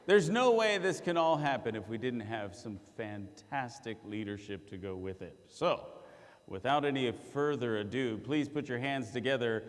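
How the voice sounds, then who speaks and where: Emcee, male, high animated voice, playful crowd teasing, hall reverb. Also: moderate pace. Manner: jokey, teasing, shouting to the crowd. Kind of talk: playful stage hosting. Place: large hall on stage. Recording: reverberant hall, faint noise.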